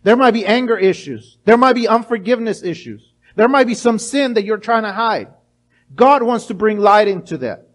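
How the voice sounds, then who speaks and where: A middle-aged male pastor preaching a sermon, animated, acting out little voices and restarting his words often. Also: high voice, moderate pace.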